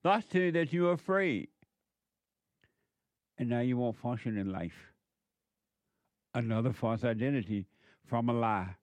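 A man's voice: mid-range voice, unhurried, long pauses, no echo. A man delivering a preaching monologue, emphatic and repetitive, full of rhetorical questions.

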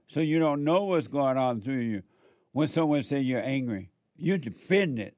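A man giving a preachy spoken monologue, repeating rhetorical questions and pausing for answers. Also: medium pitch, lively intonation, a little mellow, dry recording. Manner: acts out quoted back-and-forth dialogue. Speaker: speaker addressing listeners.

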